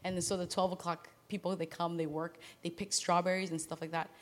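A woman preaching in a casual, storytelling way, acting out the characters in quick asides. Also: on the low side, little pitch movement. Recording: long hall reverb.

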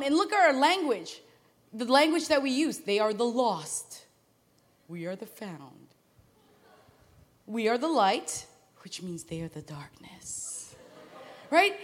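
Animated woman preaching in a reverberant hall. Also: high-pitched. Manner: animated, laughing, acts out quoted voices. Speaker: pastor. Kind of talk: sermon.

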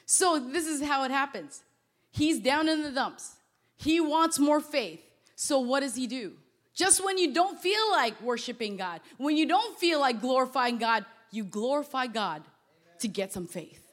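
A woman with a high voice preaches to a young crowd in a chatty, animated sermon. She drops to quiet asides, then bursts into loud exclamations, and laughs often as she talks. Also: measured pace. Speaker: pastor. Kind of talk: sermon to a youth audience.

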